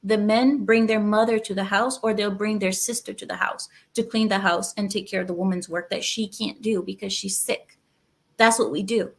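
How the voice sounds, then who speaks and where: A woman hosting her channel, giving emphatic, repetitive, lecturing commentary on a clip. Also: mid-range voice. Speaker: channel host reacting to clips. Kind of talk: opinionated commentary.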